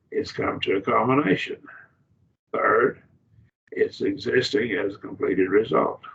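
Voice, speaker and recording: Low gravelly man teaching a Bible class. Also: a bit bright. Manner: explains slowly with restarts and rhetorical questions. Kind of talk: classroom lecture. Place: church classroom. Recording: distant, muffled classroom recording.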